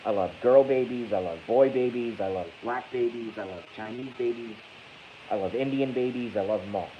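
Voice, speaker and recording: A man hosting a livestream talks in a mid-range voice at a moderate pace, rambling casually. He trades in crude jokes, makes fun of himself, and reads chat aloud. Expect dull, lo-fi stream audio with a faint hiss.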